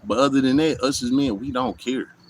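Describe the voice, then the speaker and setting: Outdoors in the heat, a male vlogger delivers a casual, blunt, profane monologue to camera, repeatedly saying "you know what I'm saying." His medium-pitched voice is fairly even in intonation and fairly quick, on a rough recording with slight hiss or hum.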